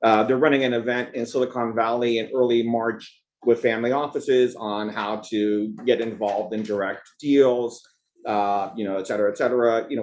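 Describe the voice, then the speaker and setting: A man opening an investor gathering with loose, conversational remarks that wander from one aside to the next. His voice sits at a middle pitch and keeps an easygoing, chatty flow. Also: a little mellow. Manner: rambling, conversational, jumps between asides. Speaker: event host and organizer. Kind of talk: opening remarks at a business event.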